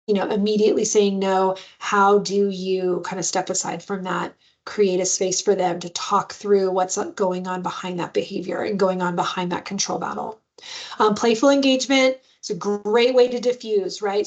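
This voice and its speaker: A woman leading a parenting webinar over a video call, speaking in a loose, conversational way with lots of "um"s. Her pitch sits in a medium range, and the audio is a bit dull and lo-fi. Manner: conversational, many fillers, acts out playful sing-song voices. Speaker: webinar presenter on adoptive parenting. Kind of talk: instructional webinar talk.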